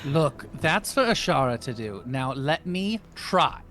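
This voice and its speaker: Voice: medium pitch, big pitch swings, measured pace, a crowd in the background. A player in a tabletop game, joking in playful, boastful banter. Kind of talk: tabletop role-play chat.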